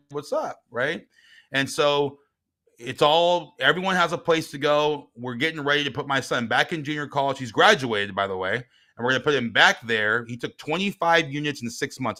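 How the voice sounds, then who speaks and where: A middle-aged man of medium pitch, a guest who is an author, recounts a personal story in relaxed talk. His tone swings between quiet reflection and heated retelling.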